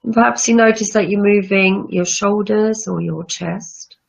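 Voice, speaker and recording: A woman yoga teacher leading a guided breathing meditation with slow, soothing instructions. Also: medium pitch, vocal fry. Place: room with chairs, not a studio. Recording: dull lo-fi sound.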